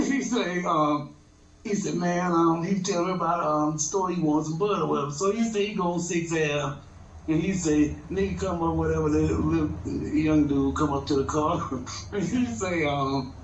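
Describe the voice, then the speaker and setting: A man's voice: a little high, normal speed. A man casually telling a funny story, rambling, laughing often and repeating himself. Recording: roomy, dull lo-fi sound with faint noise.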